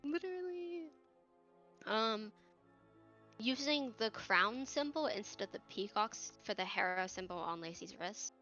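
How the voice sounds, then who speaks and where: A woman's voice: medium pitch, lively intonation, measured pace, bright, forceful tone, highs cut off, soft background music. A young woman chatting casually about an episode, emotional and candid, laughing and swearing freely. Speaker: cast member on a recap show. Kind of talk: casual recap chat.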